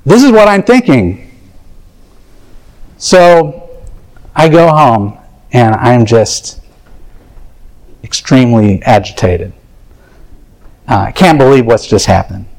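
A man's voice: medium pitch, very animated, takes it slowly, pauses often, darkish tone, low-quality recording. A man preaching a sermon, telling a personal story in an earnest, confessional way and acting out his own thoughts.

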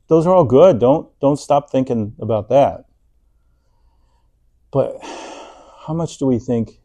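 A man preaches a sermon in a conversational, animated style, leading the congregation in reading aloud and acting out people's inner thoughts. His mid-range voice moves slowly, with frequent pauses.

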